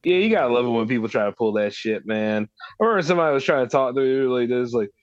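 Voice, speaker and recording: A man co-hosting a podcast in casual chat, throwing in quick crude quips and laughing often. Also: medium pitch, animated, no echo, dull audio. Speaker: podcast co-host.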